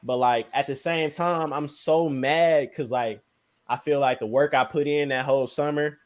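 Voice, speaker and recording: Young man telling a story animatedly. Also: normal speed. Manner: animated, slangy, sound words like "boom, bam". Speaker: podcast guest, basketball player. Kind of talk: casual storytelling.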